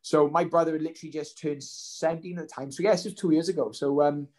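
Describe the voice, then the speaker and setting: A man's voice: a little high, fairly even intonation, quick pace, a little mellow. A man, telling a story casually as an interview guest, rambling with many ums and restarts. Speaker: guest, professional fighter.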